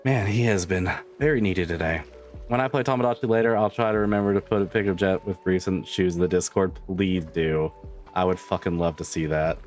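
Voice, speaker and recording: A man's voice: low voice, steady tone, fairly quick, soft background music. A man streamer chatting casually with his viewers, swearing freely and laughing often. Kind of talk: casual chat with livestream viewers.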